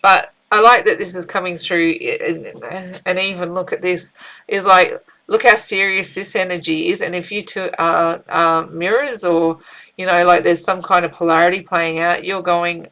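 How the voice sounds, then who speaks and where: A woman's voice: fairly low pitch, moderate pace, low-quality recording. Chatty woman giving a tarot reading. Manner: chatty, animated, with frequent fillers and restarts. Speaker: tarot reader. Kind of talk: casual spiritual tarot reading.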